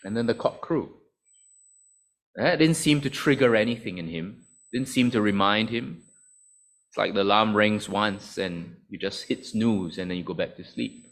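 A man's voice: lowish voice, normal speed, a bit bright. A man preaching a sermon in a conversational, explanatory way with many asides.

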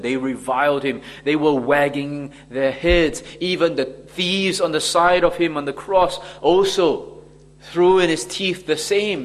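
A man preaching a sermon slowly and emphatically, acting out the mockers in quoted voices. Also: on the high side, in a large hall.

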